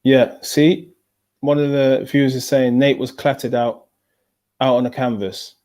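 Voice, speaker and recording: A man from North hosts a boxing watchalong in a loose, chatty way. His voice is mellow and dark, and he often says the same thing twice while reading out viewer messages. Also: mid-range voice, fairly even intonation, a little slow. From North London. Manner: repeats himself, laid-back. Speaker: watchalong host. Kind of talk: casual chat reading viewer comments.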